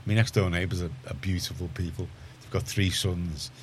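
Deep scouse guy hosting community radio, keeps restarting his sentences. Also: fairly even intonation, fairly quick, slight background noise. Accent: Liverpool (Scouse). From Liverpool, England. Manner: chatty, rambling, frequent restarts. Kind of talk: casual studio chat. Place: radio studio.

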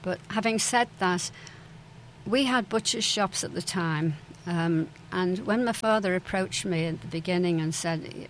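A woman's voice: lowish voice, a little slow, a little hiss or hum, rough recording. An older woman telling stories from her past in an interview, hesitant, with many fillers and restarts. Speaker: interview guest, former club owner's daughter. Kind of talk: reminiscing interview.

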